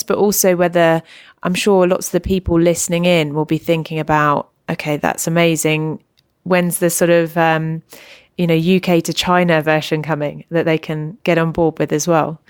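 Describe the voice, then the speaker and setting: A woman hosting a podcast interview, asking quick questions in a friendly way. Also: fairly low pitch, clean tone, dry recording, clean studio sound. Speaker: podcast host. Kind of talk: interview conversation.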